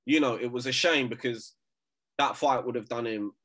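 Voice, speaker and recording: A man's voice: medium pitch, moderate pace, fairly bright tone. Brash, laughing man saying "bruv". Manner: brash, swearing, laughing, says "bruv" a lot. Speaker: podcast co-host. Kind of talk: casual podcast banter.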